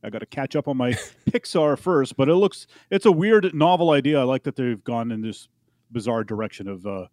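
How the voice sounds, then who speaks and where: Relaxed man reviewing a movie. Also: medium pitch, brisk, no room sound. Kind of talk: casual movie review chat.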